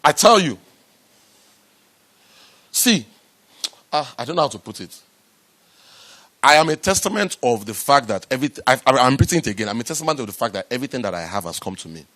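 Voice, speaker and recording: A man giving a lively motivational talk to a live audience about raising startup money, repeating himself and rising to loud, emphatic bursts. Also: mid-range voice, brisk, pauses often. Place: event room with an audience.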